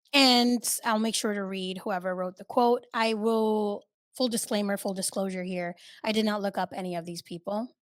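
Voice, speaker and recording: A woman hosting her own podcast, talking in a candid, chatty way that swings between loud and soft and swears freely. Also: mid-range voice, no room sound, clean studio sound. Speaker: podcast host. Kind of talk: casual solo podcast chat.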